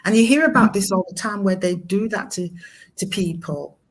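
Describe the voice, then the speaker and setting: A middle-aged woman telling a personal story in conversation, halting, with many fillers and restarts. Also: mid-range voice, expressive. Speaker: guest, mother of a son with mental illness.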